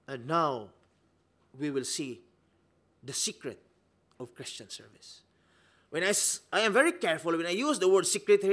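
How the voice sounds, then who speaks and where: Animated high-voiced male preacher. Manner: emphatic, rhetorical questions, swings between loud and soft. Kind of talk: sermon.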